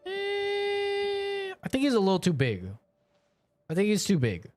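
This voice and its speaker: A man's voice: very high-pitched, wildly swooping pitch, unhurried, darkish tone, faint music behind. A young man streaming and chatting casually, rambling and joking with a lot of swearing. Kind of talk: casual chat.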